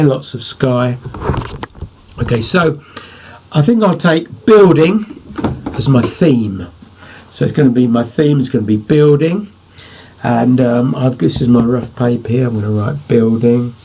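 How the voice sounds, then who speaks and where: A man's voice: mid-range voice, creaky, darkish tone, slightly rough. An older man, a poet, giving a writing lesson to children, thinking aloud as he drafts and praising imagined answers.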